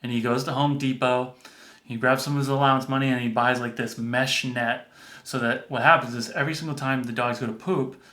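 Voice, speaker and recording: Man telling a story casually. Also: medium pitch. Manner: relaxed, conversational, many "like"s. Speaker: storyteller, energy-work reader. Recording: roomy echo.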